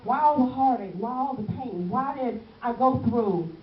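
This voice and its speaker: A woman's voice: a little high, moderate pace. A woman evangelist preaching a passionate call-and-response sermon, pressing the congregation with "amen?" and calling them "baby". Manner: passionate, emphatic, keeps asking the congregation "amen?"; calls listeners "baby". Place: church hall with a congregation. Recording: echoey, distant, dull church recording with faint hiss.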